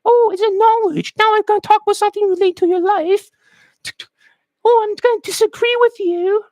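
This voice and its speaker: A man's voice: very high voice, steady tone, a little fast, darkish tone, no echo, pitched above the performer's own voice. A man putting on a mocking voice for a smug male British pickup artist, prissy and sing-song.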